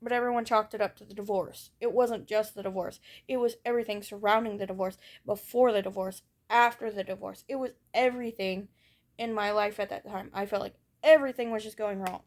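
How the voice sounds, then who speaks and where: A woman's voice: mid-range voice, fairly even intonation, brisk. A young woman giving a candid personal monologue as a vlogger. She talks in a raw, blunt way, swears and circles back over her thoughts. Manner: ranting.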